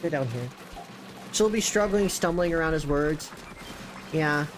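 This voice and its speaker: A young man chatting excitedly while streaming a video game, with sudden jumps in pitch. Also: unhurried, slight background noise. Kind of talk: casual gameplay commentary.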